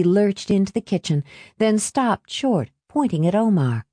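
A woman narrating a novel aloud with steady, expressive reading. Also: medium pitch, unhurried, dry recording. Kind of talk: audiobook narration.

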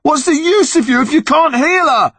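A man voicing a grieving young boy who shouts and pleads in desperation. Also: high-pitched, expressive, unhurried, no room sound, voice pushed up. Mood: desperate.

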